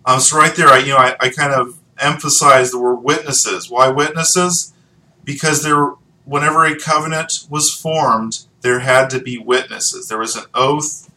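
Man, Bible teacher, reads verses then explains with ums, sharp bright voice, mid pitch, heard from a bit away. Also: distant mic, poor audio. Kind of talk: scripture teaching with read passages.

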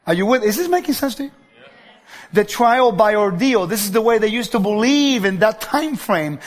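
Male preacher with a strikingly high voice, lively sermon delivery that acts out characters' lines, recorded in a hall with a long echo. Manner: keeps checking in with the audience and acts out quoted voices.

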